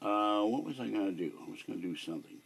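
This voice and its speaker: A man's voice: on the low side, animated, quick pace, creaky. An older man chatting casually at home on a livestream, telling rambling, digressive stories. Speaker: livestream host.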